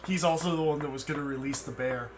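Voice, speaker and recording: A man's voice: on the high side, fast talker, crowd noise. A man running a tabletop game session as dungeon master, joking and laughing loosely with his players.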